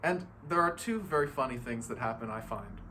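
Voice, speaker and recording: A man's voice: mid-range voice, expressive, brisk, sharp tone, slight background noise. A man giving a casual, playful motivational talk on feeling good, laughing often and acting out other people's voices. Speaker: spiritual self-help speaker.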